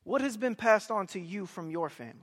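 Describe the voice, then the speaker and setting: Young man preaching; high, lively storyteller with shouted emphasis, recorded in a big echoing hall. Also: fairly quick. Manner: animated storytelling, bursts of loud emphasis. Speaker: pastor. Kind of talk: sermon.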